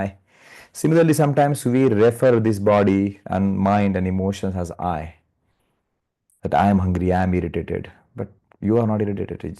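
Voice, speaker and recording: A man's voice: fairly low pitch, dark tone. A man with an Indian English accent gives a live spiritual lecture over a video call, chatty and checking in with the class with "right?" and "yes or no?". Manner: conversational, keeps asking the class "right?" and "yes or no?". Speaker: meditation course instructor. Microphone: computer or phone mic on a video call.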